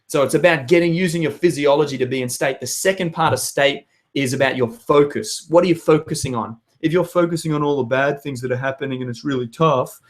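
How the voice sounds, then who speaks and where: A hoarse young man giving an energetic motivational talk to his viewers, with emphatic outbursts. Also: on the high side, brisk, few pauses. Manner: energetic, emphatic, bursts into loud shouts. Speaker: vlogger.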